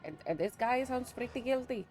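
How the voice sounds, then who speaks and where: A woman's voice: fairly high pitch, expressive, moderate pace, a little mellow, slight background noise. A young woman streaming a video game, giggling as she comments casually to her chat.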